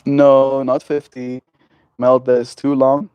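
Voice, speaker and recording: Male livestreamer, casual porch chat, rambling and gentle, dry close sound. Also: medium pitch, little pitch movement, takes it slowly, clear, resonant tone, dry recording, highs cut off. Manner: rambling and gentle, heavy on fillers. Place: outdoors on a porch.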